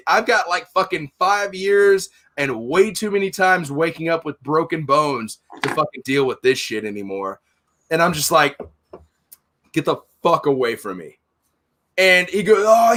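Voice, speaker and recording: Casting: middle-aged man, forceful bright voice, profane and blunt, storytelling on a casual podcast. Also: a little high. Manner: blunt, heated, swears constantly, acts out both sides of arguments. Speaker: podcast host, store owner.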